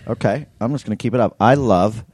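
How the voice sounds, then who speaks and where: A man's voice: mid-range voice, quick pace, darkish tone, slightly rough, dry recording, studio quality. A man co-hosting a casual comedy podcast from a hotel room, joking and slipping into silly put-on accents. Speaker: podcast co-host.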